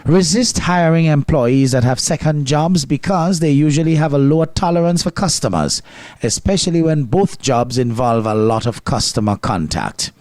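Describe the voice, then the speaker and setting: A man's voice: fairly high pitch, animated, moderate pace, darkish tone, no echo. A man with a Grenadian accent hosting a program, delivering scripted commentary with a wry, lightly sarcastic edge. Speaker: host.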